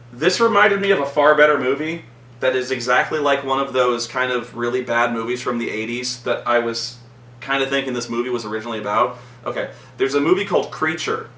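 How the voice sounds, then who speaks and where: The voice is mid-range, pushed and bright, belonging to a vlog host giving a casual movie recap. He rambles with plenty of "like" and uninhibited swearing, and the echoey recording, made with the mic far away, has faint noise.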